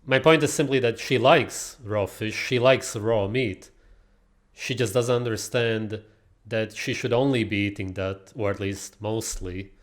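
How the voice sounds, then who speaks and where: A man's voice: lowish voice, a little slow. A man commenting on clips in a casual, opinionated, lecturing way, with frequent filler sounds.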